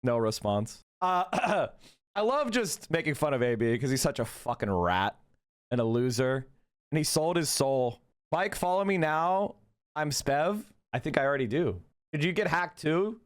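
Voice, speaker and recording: A man's voice: on the high side, sing-song, measured pace. A man hosting a casual livestream, mocking and swearing as he reacts to chat. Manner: profane, mocking, reads chat aloud. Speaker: livestream host. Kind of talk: casual political livestream commentary.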